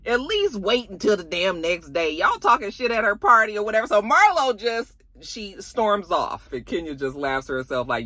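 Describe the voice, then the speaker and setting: A young woman talking through a gossip recap in a sassy, animated way, cursing freely. Her voice is bright and sharp and swings up and down a lot. It sounds close and dry. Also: mid-range voice, normal speed, hardly any pauses, no echo. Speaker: reality TV recap YouTuber.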